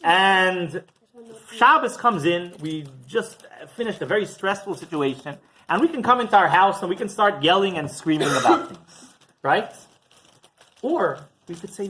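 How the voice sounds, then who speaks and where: Rabbi giving a sermon, lively rising and falling pitch, keeps asking "right?", faint noise behind. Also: male voice, moderate pace, rough recording. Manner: restarts and repeats words.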